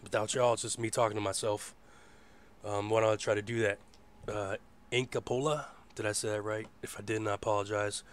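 A man hosting a casual live internet radio show. His voice is hoarse, and he rambles in a laid-back way and swears freely. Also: on the low side, steady tone, a little fast. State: hoarse from a rough voice. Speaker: host.

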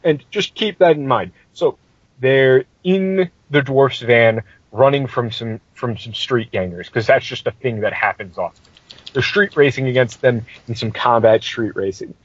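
A man's voice: mid-range voice, measured pace, husky, no room sound, lo-fi sound. A man hosting a podcast, telling a tabletop game story in a casual, profane and exasperated way.

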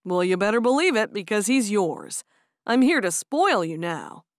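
A woman plays a calm young Amish man who gives gentle, teasing orders in a firm, steady voice. The sound is dry and close, with lively pitch. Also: moderate pace, no echo. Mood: warm. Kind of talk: audiobook character voice.

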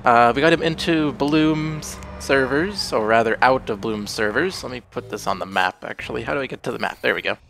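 Gravelly, a bit bright, and medium-pitched, this young man's voice moves fairly quickly with hardly any pauses. He's a let's play host giving casual gameplay commentary, sounding sick and groggy with a morning voice, rambling, self-correcting, and easygoing. Slight background noise is audible.

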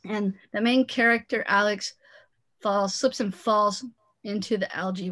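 A woman's voice: mid-range voice, unhurried, fairly bright tone. Chatty woman author on a video call. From Los Angeles area, USA. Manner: chatty, laughs often, many "you know" fillers. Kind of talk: casual talk and reading at a book launch.

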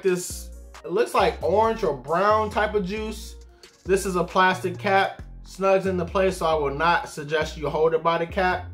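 A man's voice: high voice, a bit bright. A man reviewing fragrances in a casual video, laid back and chatty, often tagging his lines with "man" and "y'all".

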